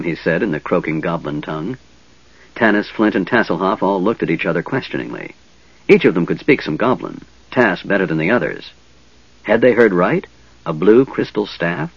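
A man narrating a fantasy audiobook in an expressive reading, recorded dull and dry. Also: low voice, fairly quick, breathy edge, no echo. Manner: lively, expressive reading with many voices.

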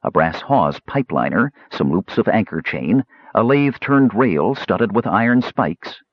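A man reading a fantasy novel aloud in measured scripted narration, in a dull lo-fi audiobook recording. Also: lowish voice, animated, no room sound.

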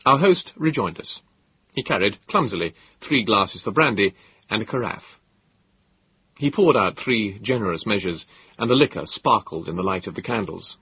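A man narrating an audiobook in a measured, expressive storytelling manner. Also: lowish voice, breathy edge, lo-fi sound. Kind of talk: scripted narration.

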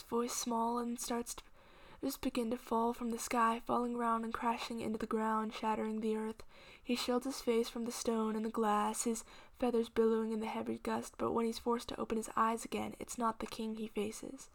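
Gravelly woman reading a dark story. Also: fairly high pitch, level tone, moderate pace. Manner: drops often into hushed whispers. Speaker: story reader. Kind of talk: dramatic fiction reading.

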